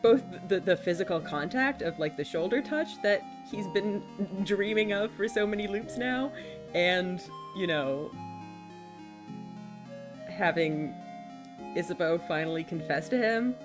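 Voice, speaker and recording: A woman's voice: fairly low pitch, expressive, a little slow, over music. Emotional woman reacting to a game. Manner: emotional, swearing, laughing, rambling. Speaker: video game let's player. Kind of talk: casual gameplay commentary.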